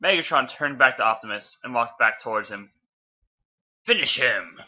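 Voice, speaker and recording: A man reads a fanfic aloud in a casual, offhand way, tripping over words and fixing them as he goes. His voice is very bright, and the recording sounds dull and lo-fi. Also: medium pitch, fairly quick. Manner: offhand, stumbles and corrects himself. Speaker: fanfiction reader.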